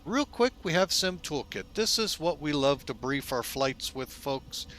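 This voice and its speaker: Chatty man with a bright voice. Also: a little high, measured pace. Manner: chatty, folksy, keeps calling viewers "folks"; relaxed, loose delivery with frequent fillers. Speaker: flight simulator video host. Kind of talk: casual narrated simulator walkthrough.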